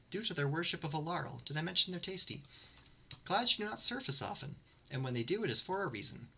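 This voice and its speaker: A man with a very bright, sharp voice and a husky edge reads lore to his stream chat. His pitch swings widely as he breaks off into dry, sarcastic jokes at his own expense. The delivery is casual and conversational. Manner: dry, sarcastic asides with self-mocking jokes. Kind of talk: livestream chat while reading lore aloud.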